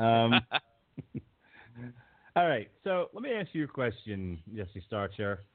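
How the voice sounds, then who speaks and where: A man hosts a loose podcast chat, cracking jokes and laughing often. His voice sits at an ordinary mid pitch. The audio is narrow and tinny, like it came down a phone line. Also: very animated, takes it slowly. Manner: joking, laughs often between remarks. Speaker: podcast host. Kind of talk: casual chat.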